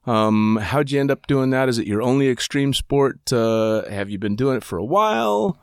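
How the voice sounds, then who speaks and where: A man's voice: mid-range voice, expressive, moderate pace, smooth, dry recording, clean studio sound. A man hosting a casual podcast, swearing freely in a laid-back way. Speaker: podcast host.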